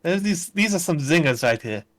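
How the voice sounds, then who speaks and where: A man's voice: a little high, lively intonation, normal speed, fairly bright tone, dry recording. A man playing a tabletop game who talks in an easygoing, teasing way. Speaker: player. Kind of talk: casual table talk.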